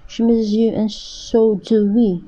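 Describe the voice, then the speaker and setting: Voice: medium pitch, level tone, slow pace, warm tone, dry recording, voice pushed up. A storyteller voicing a scared but brave young boy who pleads in a shaky voice to protect his sister, in a storybook reading. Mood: pleading. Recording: dull lo-fi recording, voice set back.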